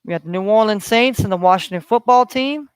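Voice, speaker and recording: A man's voice: sits high, fairly quick, clean tone, dry recording. A man hosting a solo sports betting podcast, talking in a rambling way with many fillers. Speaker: podcast host.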